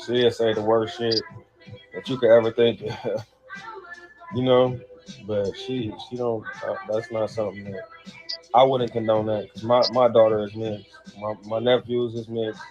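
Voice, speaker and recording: A man's voice: lowish voice, flat delivery, normal speed, a little mellow, soft background music. Laughing, rambling man on a lo-fi livestream. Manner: laughs often, loose and rambling, swears freely. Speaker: livestream host reacting to family drama. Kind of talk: casual livestream talk. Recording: dull lo-fi sound.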